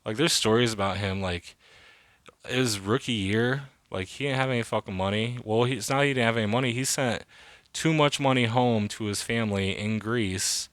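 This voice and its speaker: A man's voice: on the low side, normal speed, fairly bright tone, no room sound. A man in his thirties hosting a casual solo podcast, rambling and swearing freely with lots of fillers. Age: 30s. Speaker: podcast host.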